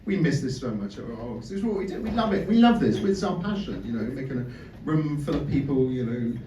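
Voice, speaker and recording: A British man with a British English accent performs a sweary, self-mocking stand-up set in a club, chatty and stammering on restarts. His voice is medium-pitched, warm, a little fast, with big pitch swings. The roomy, distant live-club sound carries slight background noise, with audience laughter and chatter behind him.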